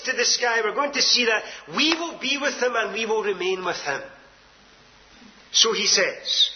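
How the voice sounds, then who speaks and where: A man preaches a sermon emphatically, swinging from loud declarations to hushed asides. His voice is high-pitched and the sound is lo-fi.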